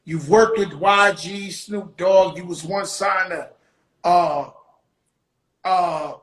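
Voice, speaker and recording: A man's voice: sits high, fairly even intonation, takes it slowly, fairly bright tone. Joking, profane male interviewer, echoey room. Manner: loose, joking, profane slang. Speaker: interviewer, rapper. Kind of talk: casual interview chat.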